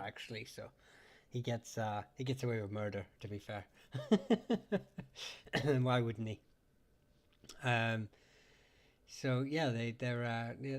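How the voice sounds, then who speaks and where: A man with a Northern Irish accent hosting a casual live chat, rambling and laughing often as he talks. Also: mid-range voice. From Northern Ireland. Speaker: livestream host.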